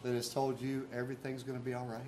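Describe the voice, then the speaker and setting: Guy preaching, earnest and chatty, mid-pitched voice, faint hum behind. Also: completely flat delivery, fast, a little mellow. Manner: earnest, conversational preaching with rhetorical questions. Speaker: pastor. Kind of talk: sermon.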